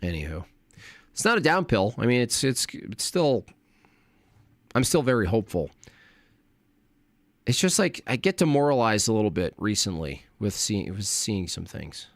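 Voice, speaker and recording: A man hosting a late-night livestream, ranting and rambling with heavy swearing and often trailing off into low mutters. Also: big pitch swings, moderate pace, long pauses, no room sound. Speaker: livestream host.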